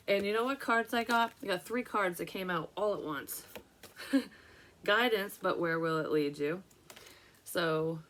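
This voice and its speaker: A woman's voice: low-pitched, fairly bright tone, a little hiss or hum. A young woman, a psychic medium, chatting casually and emotionally about a card reading in a rambling way.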